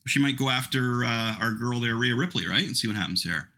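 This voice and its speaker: A man's voice: mid-range voice, expressive, brisk, pushed and bright. A middle-aged man hosting a podcast, chatting casually in a rambling, self-mocking way. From Canada. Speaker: podcast host. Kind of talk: casual chat.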